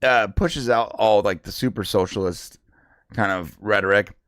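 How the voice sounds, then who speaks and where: A man co-hosting a podcast in casual chat, rambling and halting with lots of fillers. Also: fairly low pitch, a bit bright, no echo, studio quality. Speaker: podcast co-host.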